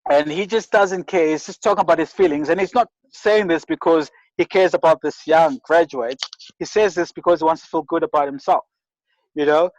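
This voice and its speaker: A man's voice: fairly high pitch, fairly quick, no echo, dull audio. A South African man from rural KwaZulu-Natal, a guest telling stories in an interview, earnest and often restarting his sentences. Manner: earnest, many restarts and repeated words. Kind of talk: reflective interview storytelling.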